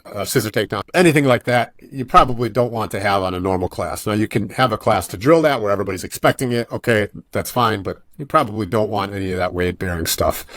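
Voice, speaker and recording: A man's voice: fairly low pitch, no echo. A man being interviewed on a podcast, a jiu-jitsu coach talking casually and acting out voices in his stories. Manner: animated storytelling, acts out quoted voices.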